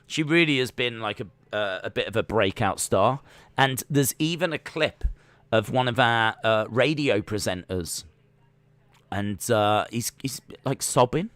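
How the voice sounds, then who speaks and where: A man's voice: mid-range voice, unhurried, fairly bright tone, no echo. A man hosting a casual watch-along livestream, rambling and full of "like" and restarts. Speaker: livestream host.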